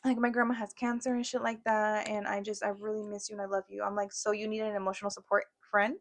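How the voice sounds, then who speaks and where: A young woman co-hosting a podcast, telling a story in fast, profane casual chat and switching into Spanish at times. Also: medium pitch, flat delivery. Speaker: podcast co-host.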